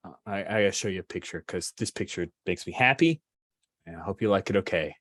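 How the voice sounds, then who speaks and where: A man's voice: sits low, fast, fairly bright tone, no room sound, clean studio sound. A man narrating as game master for a tabletop superhero game, chatty and enthusiastic.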